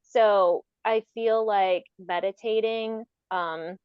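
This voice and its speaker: A woman's voice: mid-range voice, steady tone, slow pace, clean tone, no echo. Woman cohosting a spiritual chat podcast, thoughtful and explaining, dry dull-ish sound. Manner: reflective, explanatory, trails off with fillers. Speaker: podcast co-host. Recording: dry, slightly dull audio.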